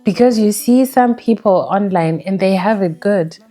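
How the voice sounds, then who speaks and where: A young woman from Zimbabwe, talking candidly and reflectively in a personal vlog chat, with halting restarts. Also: medium pitch, mellow. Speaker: book vlogger.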